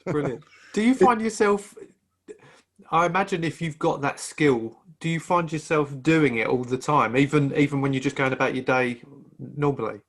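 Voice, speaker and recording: A male interviewer who asks warm, admiring questions in a casual chat. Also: on the high side, normal speed.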